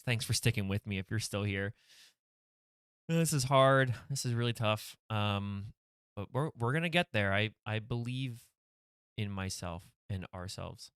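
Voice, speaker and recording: A man hosting a livestream, brainstorming comedy sketch ideas out loud in a hesitant way, with many pauses and fillers. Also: fairly low pitch, smooth, no echo, studio quality.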